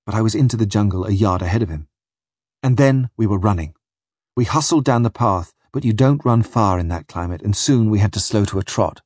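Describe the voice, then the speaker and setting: Husky man narrating an adventure tale. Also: on the low side, animated, a little fast, darkish tone, dry recording, clean studio sound. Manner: vivid, dramatic storytelling. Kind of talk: first-person audiobook reading.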